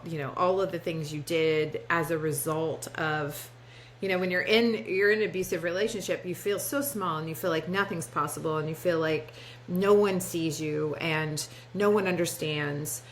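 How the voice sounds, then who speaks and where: A woman's voice: low voice, a bit bright, a little hiss or hum, rough recording. A woman hosting a podcast, speaking reflectively with many ums and supportive affirmations. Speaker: podcast host. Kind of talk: casual interview chat.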